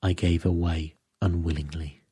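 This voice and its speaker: Man, sleep story narrator, calm measured reading, dark mellow tone, husky, close dry mic. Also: sits low, no echo.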